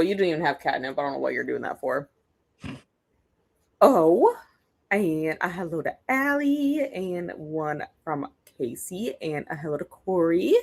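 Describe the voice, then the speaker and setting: A young woman with a somewhat low voice hosts a relaxed reading livestream. She chats casually and greets viewers by name one after another, with an easy, conversational flow. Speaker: readathon livestream host.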